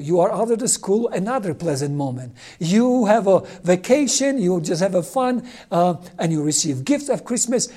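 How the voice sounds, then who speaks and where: A man with preaching a sermon, telling a story with dramatic swings between loud emphasis and hushed near-whispers. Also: sits high.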